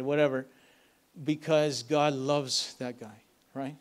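A man's voice: on the high side, steady tone, measured pace. A man preaching casually at a church event, telling a story with many fillers and checking in with the crowd. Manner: casual, filler-heavy with lots of "like" and "right?". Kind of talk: storytelling sermon.

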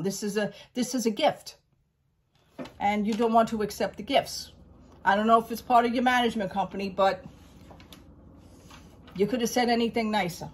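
A woman talking at home in a casual haul vlog, a rambling storyteller who keeps saying "I says" and turns loud and indignant over a grievance. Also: mid-range voice, a little hiss or hum. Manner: gets loud and indignant when telling a grievance. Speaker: vlogger.

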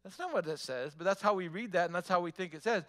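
A man preaching with a high, bright voice. He drives his points home with repetition and rhetorical questions in an emphatic pastor's delivery. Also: quick pace. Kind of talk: sermon.

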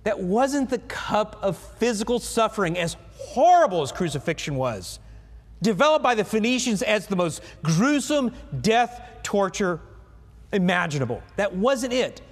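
A man preaching a sermon as pastor, animated and asking the congregation questions. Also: sits high, measured pace, breathy edge. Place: church sanctuary. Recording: long reverb of a church hall.

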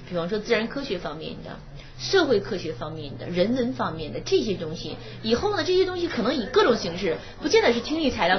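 A woman teaching a university English class, explaining in Mandarin and slowly reading English lines aloud. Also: medium pitch. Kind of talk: classroom lecture. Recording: dull old classroom recording with faint hiss.

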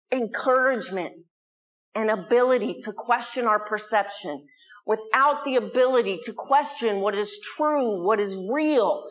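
An American woman leading a spiritual community, giving an earnest, conversational Sunday talk and putting questions to the people in the hall. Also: fairly high pitch. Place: community hall before a live audience.

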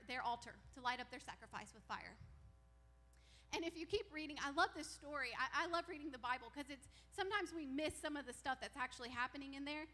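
A high-pitched woman pastor delivers a sermon in a church sanctuary. She retells a Bible story with lots of animation, performing the characters' lines herself.

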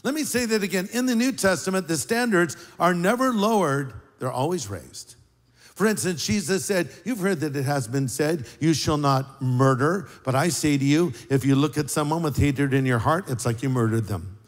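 An older man preaching a sermon as pastor, an animated storyteller with wry, sarcastic asides. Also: fairly high pitch, moderate pace, long reverb tail.

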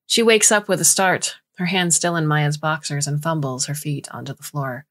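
A woman narrating a short story in a measured, scripted reading. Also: low-pitched.

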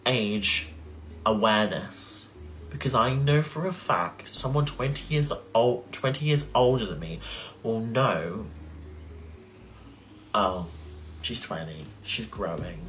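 A slight hiss or hum runs under this livestream rant from a man in his twenties, who swears a lot and sounds heated and indignant. His mid-range voice is a bit bright.

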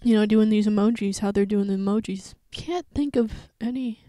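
A woman's voice: mid-range voice, brisk, mellow, dry recording. A young woman hosting a reaction video, giving casual, incredulous commentary with laughing asides.

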